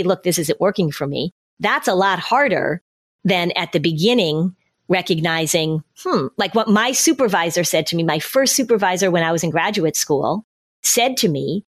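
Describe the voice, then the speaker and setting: A middle-aged woman, a former social worker, explaining parenting with acted-out examples of parents and children. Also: lowish voice. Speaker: parenting expert guest. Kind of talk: conversational advice.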